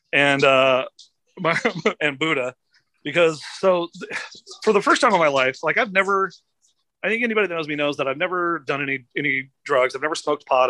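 Podcast co-host, male, bright and a bit high, dry sound, swears and laughs as he tells it. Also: poor audio. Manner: swears freely, laughs through stories. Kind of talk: casual storytelling chat. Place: outdoors by traffic.

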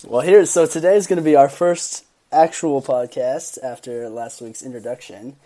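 Young man, podcast co-host, relaxed dark tone, earnest scholarly chatter. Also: mid-range voice, normal speed. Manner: earnest, academic explaining with hesitations. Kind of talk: casual podcast chat.

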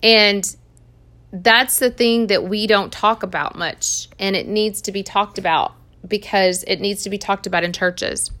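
A woman's voice: mid-range voice, steady tone, measured pace, a bit bright. A woman sharing an earnest Christian testimony in a conversational way, laughing now and then. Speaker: Christian speaker giving testimony.

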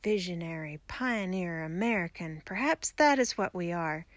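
A tired young pioneer man speaks quietly and wearily, as a woman reads him. His tone is resigned, and the voice sounds dry and close. It comes from a storybook reading. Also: fairly low pitch, animated, moderate pace, no echo, close to an everyday voice. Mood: musing. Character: young male homesteader, weary and earnest.

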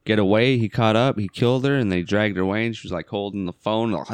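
A man's voice: fairly low pitch, a little fast, clear, resonant tone, no echo. A man co-hosting a podcast, retelling a movie's scenes in casual chat, swearing freely and acting out bits with playful sounds. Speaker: podcast co-host.

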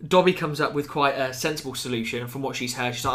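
A man, co-hosting a podcast in casual chat, animated and acting out quotes. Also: mid-range voice, quick pace. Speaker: podcast co-host.

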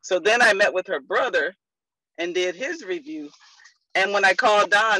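Excited lady agent gushing on a video call, sharp bright voice, dry sound. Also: mid-range voice, moderate pace, no room sound, poor audio. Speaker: insurance agent. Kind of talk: casual video call update.

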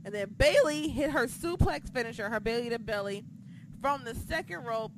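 A woman hosting a podcast, recapping in casual chat, excitable and profane, swinging between shouting and muttering. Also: on the high side, normal speed, noisy background. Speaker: podcast host.

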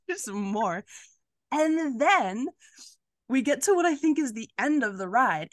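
A woman's voice: a little high, big pitch swings, slow pace, pauses often, dry recording, clean studio sound. A woman co-hosting a podcast, chatting casually about a book, rambling and laughing often. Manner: giggly, rambling storyteller. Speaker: podcast co-host.

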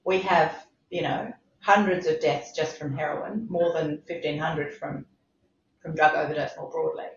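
A middle-aged medical director speaks in a low, steady, slightly slow voice during a podcast interview. She is impassioned and emphatic, repeating points for stress. The recording sounds roomy and a little dull.

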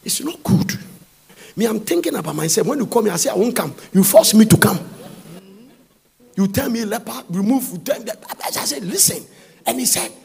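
A man preaching a sermon, reading Bible verses aloud and breaking into fervent, sing-song shouts. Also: high-pitched, big pitch swings, brisk, gravelly, husky.

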